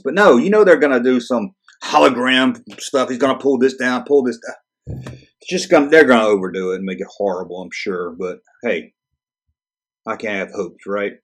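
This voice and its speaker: A man hosting his channel, reading through a list and reacting with exasperated, sarcastic commentary and frequent swearing. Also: mid-range voice. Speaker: channel host. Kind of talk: casual ranting commentary.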